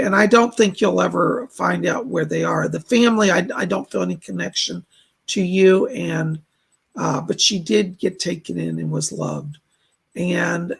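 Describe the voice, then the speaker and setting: A man's voice: high-pitched, vocal fry, slightly rough. A man hosting a live stream, giving chatty psychic readings and relaying spirit messages with plenty of fillers. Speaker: psychic reader and host.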